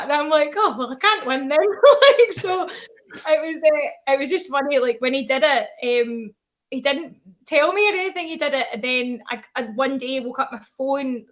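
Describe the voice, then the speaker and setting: A woman's voice: high-pitched, fairly bright tone. A woman chatting casually on a video call, telling stories with lots of giggles. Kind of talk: casual chat.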